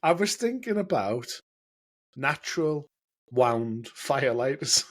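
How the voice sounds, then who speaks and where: A man's voice: mid-range voice, very animated, slow pace. A man co-hosting a podcast, chatting casually and joking, laughing often. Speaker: podcast co-host. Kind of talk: casual chat.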